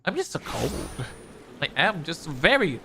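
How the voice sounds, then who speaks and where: A man's voice: a little high, sing-song, measured pace, gravelly. An Australian man streaming a game, chatty and giggly, rambling as he plays. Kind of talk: casual gaming commentary. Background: game music.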